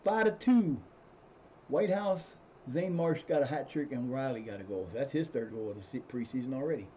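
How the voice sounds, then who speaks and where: A man's voice: mid-range voice, lively intonation, normal speed, dark tone, muffled recording, a little hiss or hum. Rambling man commentating his football management game. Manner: rambling, restarts sentences, swears when frustrated. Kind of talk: casual gameplay commentary.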